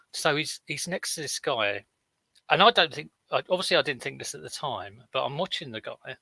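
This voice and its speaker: A man's voice: mid-range voice, creaky, sharp tone, dry recording, low-quality recording. A middle-aged man, rambling through anecdotes in a casual vlog chat with viewers. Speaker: online reseller vlogger.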